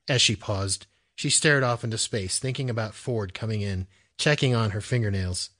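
A man giving steady scripted narration of a thriller audiobook. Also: fairly low pitch, normal speed.

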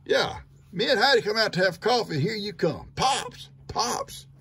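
An older man, a grandfather teasing his grandchild in a folksy, unhurried way while outdoors on a farm. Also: high voice, big pitch swings, gravelly, fairly bright tone, breathy edge. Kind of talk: casual chat with a grandchild. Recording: noisy outdoor recording with vehicle sounds.

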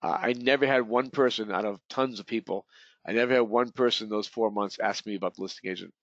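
A man runs a real estate training webinar, his fairly low voice moving quickly as he rambles, restarts and repeats words. The audio is dull and lo-fi with no echo.

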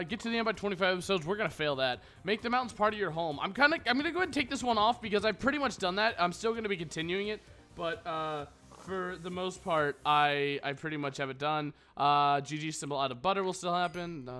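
A man's voice: high voice, brisk, bright, forceful tone. A young man rambling and joking crudely as he narrates his own Minecraft game. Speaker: gaming YouTuber. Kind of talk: casual Minecraft let's play commentary. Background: background music.

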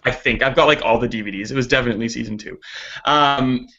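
A man's voice: mid-range voice, fast talker, bright, forceful tone, dull audio. A man from Canada, a guest on a talk show, chatting casually and self-deprecatingly with lots of fillers. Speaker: guest, gaming website founder. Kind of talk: casual chat.

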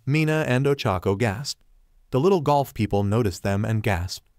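A man narrating a fanfiction story in an even storybook reading manner. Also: mid-range voice, moderate pace, no echo, studio quality.

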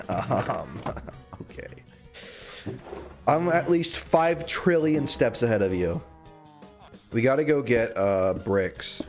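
Livestreaming a game, a man with a medium-pitched, darkish voice chatters casually and jokes around. He reads chat aloud and breaks into sudden squeals and yelps.

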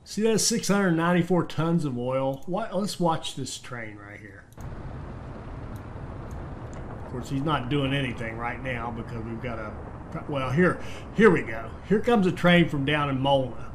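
A man's voice: medium pitch, lively intonation, a little slow, slight background noise. A man casually commenting on his own gameplay as the host, thinking aloud with fillers and restarts. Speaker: game commentator. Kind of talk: casual let's-play commentary.

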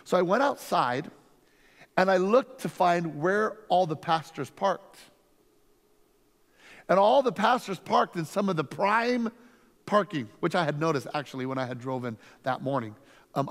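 A man, a lead pastor, teaching a conference workshop through energetic, emphatic stories. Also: fairly high pitch. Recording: long reverb from a hall.

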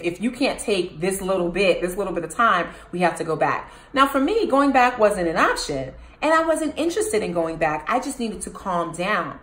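With a lowish voice and an echo from the room, a female channel host tells a personal story on camera. She stays lively and addresses viewers directly with questions.

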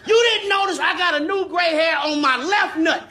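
A man doing profane, animated stand-up comedy, shouting punchlines and acting out arguments. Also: very high-pitched, moderate pace. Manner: profane, loud, animated, acts out characters.

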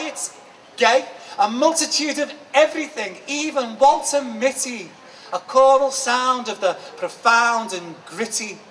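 Slow, dramatic Liverpool-accented poet. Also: male voice, high-pitched, a bit bright. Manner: rhythmic, emphatic, dramatic delivery. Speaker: performance poet. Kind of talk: live poetry performance. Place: book market. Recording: distant mic, faint background noise.

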